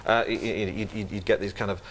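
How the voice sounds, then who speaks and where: Fast-talking northern English comedian. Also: male voice, fairly low pitch, fairly even intonation. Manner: quick, restless, full of restarts and voices. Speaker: comedian guest. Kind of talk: chat show interview. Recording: TV studio with audience noise.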